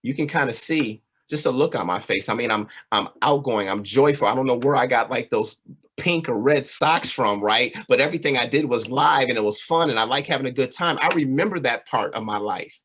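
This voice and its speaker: A man speaks at a community presentation, telling his own life story in an earnest, conversational way. His voice sits at a middle pitch, and he keeps turning to the listeners with little asides. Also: brisk, a bit bright, husky. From California. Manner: earnest, conversational, frequent "right?" and "you know".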